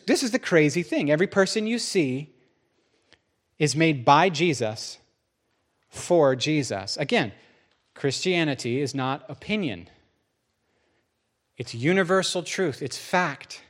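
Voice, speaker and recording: A man preaching a sermon as pastor, telling stories in a lively way and jumping into other people's voices. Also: a little slow, pauses often. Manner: lively storytelling, jumps into high voices for quotes.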